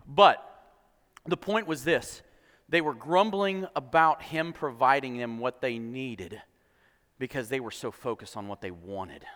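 A man's voice: mid-range voice, a little slow, a bit bright. A man preaching a sermon, telling the story playfully with quoted voices and jokes. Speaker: pastor. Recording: long hall reverb.

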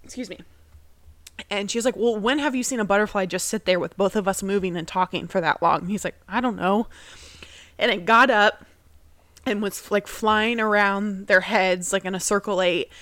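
A woman's voice: medium pitch, normal speed, a bit bright, dry recording. A young woman co-hosting a podcast, telling a personal family story casually and loosely, with lots of fillers and acted-out quotes of her relatives. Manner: rambling, heavy on fillers, acts out quoted family voices. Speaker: podcast co-host.

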